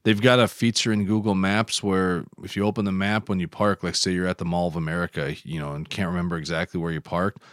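A man's voice: deep voice, little pitch movement, quick pace, few pauses, dry recording, studio quality. A man co-hosting a podcast, explaining app tips in casual, rambling chat. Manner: rambling, self-correcting explainer. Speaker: podcast co-host.

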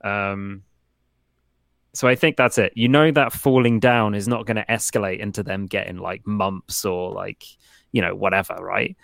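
A man's voice: fairly low pitch, steady tone, normal speed, vocal fry, fairly bright tone, dry recording, clean studio sound. A man co-hosting a podcast, chatting in an easygoing, reflective way. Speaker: podcast co-host. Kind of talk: casual chat.

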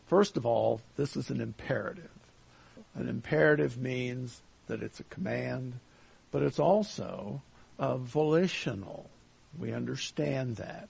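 Slow, gravelly-voiced man teaching Scripture. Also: mid-range voice, a little mellow. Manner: slow and deliberate, with many pauses and fillers. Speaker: Bible teacher. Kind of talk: verse-by-verse Bible lesson.

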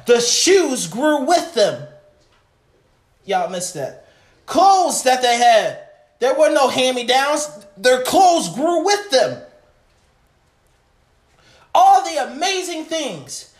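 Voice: sits high, roomy sound. A preacher delivering an impassioned sermon, calling out to the congregation.

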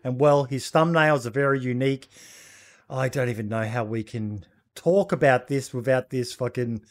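A man's voice: mid-range voice, normal speed. A man with an Australian accent co-hosting a casual chat show, laid-back and sweary, rambling with fillers. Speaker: podcast co-host.

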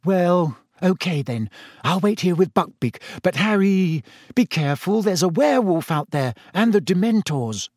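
Brief: male reader doing a high, tense teen witch, bossy and fretful, read close and dry. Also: expressive, normal speed, darkish tone, no room sound. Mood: worried. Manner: urgent, insistent whispering and snapping. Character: anxious bossy teenage schoolgirl witch.

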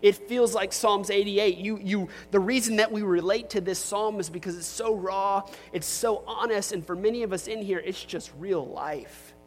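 A man's voice: high-pitched, moderate pace, few pauses, in a large hall, a little hiss or hum. A man preaching a sermon as pastor in a church, talking conversationally with joking asides to his congregation. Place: church sanctuary.

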